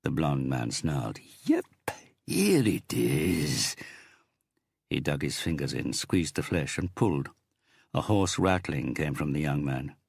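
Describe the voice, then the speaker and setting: A very deep, gravelly male narrator reads a scripted audiobook at normal speed. The recording is studio quality with no room sound.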